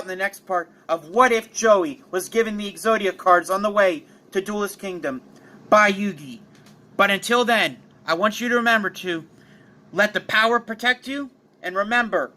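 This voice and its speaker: A man's voice: high-pitched, moderate pace, sharp tone. A young man casually narrating a fan story as a channel host, dramatic and playful.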